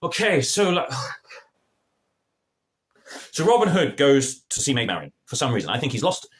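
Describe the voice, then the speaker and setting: A man's voice: mid-range voice, big pitch swings, unhurried, breathy edge. A man reviewing a TV episode to camera in an exasperated, sarcastic, slangy rant. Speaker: film and TV reviewer.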